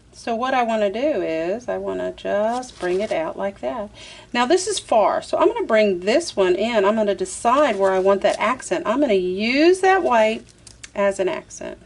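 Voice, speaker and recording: A woman, chatting her way through a craft tutorial, talking to herself as she works. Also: medium pitch. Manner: chatty, talks to herself while working, says "y'all". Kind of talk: casual step-by-step craft tutorial.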